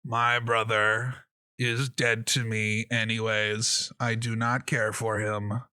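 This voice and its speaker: A man voicing a frail, withered old giant who speaks in slow, flat, curt sentences. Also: fairly low pitch, clean tone, no room sound, clean studio sound, heavily acted. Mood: cold.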